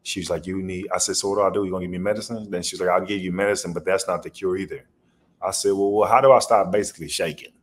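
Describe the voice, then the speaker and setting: A man's voice: deep voice, steady tone, fast, slight background noise. A man guest on a podcast, telling rambling stories in a loose, slangy way. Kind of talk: casual storytelling interview.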